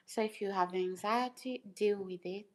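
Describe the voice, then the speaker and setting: This livestream host has a mid-range, somewhat mellow voice and talks at a moderate pace to her chat. Her delivery is casual and emphatic, full of repeated phrases and rhetorical questions, though the recording quality is low.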